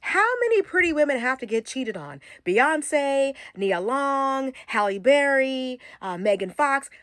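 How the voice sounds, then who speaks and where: A woman's voice: sits high, expressive, measured pace, a bit bright, no room sound. A woman giving a direct, lecturing opinion to her viewers, listing examples to make her point. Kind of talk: opinion commentary clip.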